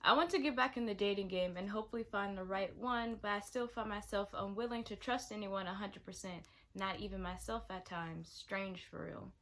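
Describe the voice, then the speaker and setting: A young woman vlogger chatting casually as she reads out viewer confessions, animated and exclaiming, with sudden loud outbursts and quiet asides. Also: medium pitch, fairly quick, hardly any pauses, slight background noise.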